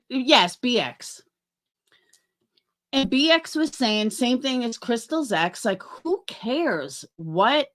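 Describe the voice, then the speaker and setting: A middle-aged woman chatting on a livestream, rambling and swearing as she talks to her chat by name. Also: on the high side.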